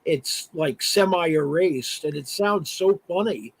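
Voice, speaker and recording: Guest man, husky, a touch high, rambling chatty delivery with lots of fillers. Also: takes it slowly, no echo, rough recording. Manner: chatty, many "uh" fillers and restarts. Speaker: guest artist and voice actor. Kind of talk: casual interview chat. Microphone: remote live stream call.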